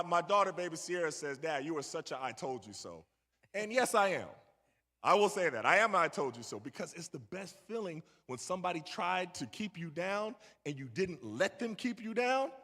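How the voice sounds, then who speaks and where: A man's voice: sits high, expressive, normal speed, a bit bright. A middle-aged man telling a story to a young audience and bantering with the crowd. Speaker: guest speaker. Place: large church hall. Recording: echoey church hall.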